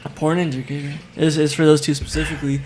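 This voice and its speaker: A young man co-hosting a podcast in casual chat, riffing with quick jokes. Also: a little high, flat delivery, a little mellow, slight background noise. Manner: joking, quick riffing interjections. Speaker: podcast co-host.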